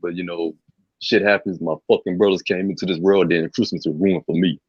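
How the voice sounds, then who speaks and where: A man's voice: sits low, steady tone, a little fast, breathy edge, no echo. A man chatting on a podcast, blunt, laid-back and heavy with swearing. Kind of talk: casual chat. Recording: dull lo-fi mic.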